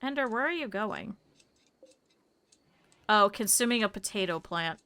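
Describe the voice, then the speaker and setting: Bright, chatty woman streamer. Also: mid-range voice, expressive, measured pace, clear, resonant tone. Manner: chatty, laughs often, talks to game characters and chat. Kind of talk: live gameplay commentary.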